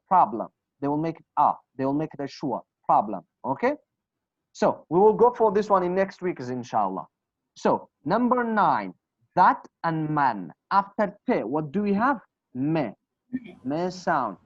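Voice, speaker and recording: A man's voice: high voice, big pitch swings, dry recording. Kurdish-accented man teaching pronunciation. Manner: patient, repeats example phrases slowly. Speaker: English teacher. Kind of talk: online class on pronunciation. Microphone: video call. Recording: dull, dry video call audio.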